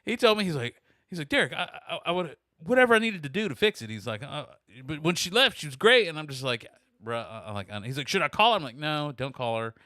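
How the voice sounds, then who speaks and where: Animated storytelling man, bright voice. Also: quick pace, hardly any pauses, no echo, studio quality. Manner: animated, acts out quoted people with rising pitch. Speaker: podcast host. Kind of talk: casual storytelling chat.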